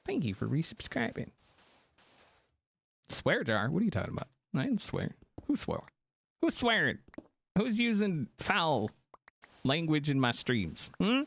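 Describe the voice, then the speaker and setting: Animated joking male streamer. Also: on the high side, measured pace, long pauses. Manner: animated, joking, reacting to chat. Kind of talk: casual live-stream chat.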